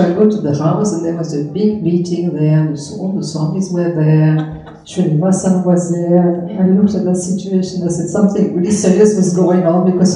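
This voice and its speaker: A middle-aged woman swami shares memories of her teacher at an anniversary gathering. She tells her stories gently and laughs softly and often. Her voice is mellow and somewhat low, and it rings out through a heavily echoing room. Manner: gentle storytelling with frequent soft laughter. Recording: very echoey room.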